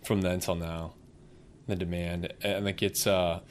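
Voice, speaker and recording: A man with a very low voice hosts a relaxed interview. He adds short remarks and laughs along with his guest, and he keeps the talk easygoing. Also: a little slow. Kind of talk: casual podcast interview.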